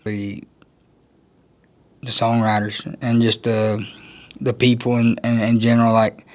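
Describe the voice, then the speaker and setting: A man's voice: mid-range voice, monotone, measured pace, darkish tone. A man, a country musician, talking casually in an interview, rambling and laughing often. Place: outdoors at a music festival.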